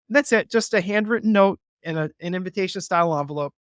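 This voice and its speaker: A man's voice: high voice, fast talker, few pauses, fairly bright tone, clear, resonant tone, dry recording, studio quality. A man being interviewed, talking earnestly and persuasively, acting out phone calls to make his points. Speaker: guest, real estate investor. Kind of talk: interview, conversational explanation.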